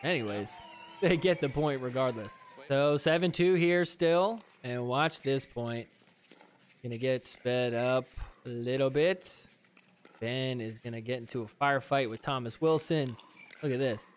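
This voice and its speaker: A man hosting a podcast, giving chatty, wisecracking commentary over match footage and getting excited on big plays. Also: mid-range voice, unhurried, a little hiss or hum. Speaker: podcast host.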